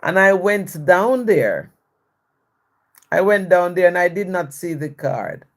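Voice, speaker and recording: A woman's voice: fairly low pitch, lively intonation, slow. A woman hosting a live video, telling a personal story and greeting viewers with blessings. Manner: warm blessings to viewers, repetitive and reflective. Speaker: live-stream host.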